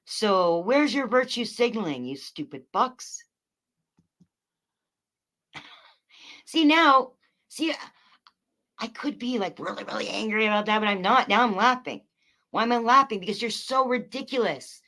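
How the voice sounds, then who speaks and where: A woman streamer rants at her chat in a profane, mocking way. She jumps between loud outbursts and quiet, dry remarks, in a middle-pitched voice. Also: normal speed. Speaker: livestreamer. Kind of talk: angry livestream rant to chat.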